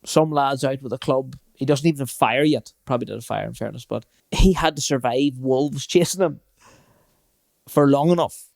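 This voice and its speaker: A man's voice: mid-range voice, moderate pace, creaky, darkish tone, no room sound, studio quality. A man, co-hosting a podcast in casual chat and telling stories with frequent laughs. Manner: storytelling, laughs often while talking. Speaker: podcast co-host.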